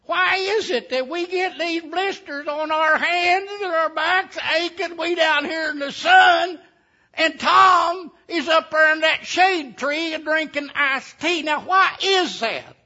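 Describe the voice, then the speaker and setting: A storyteller voicing Ezra, a simple young country man, shrill and indignant. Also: slow, heavily acted. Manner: whiny, indignant, shouting. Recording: dull lo-fi recording.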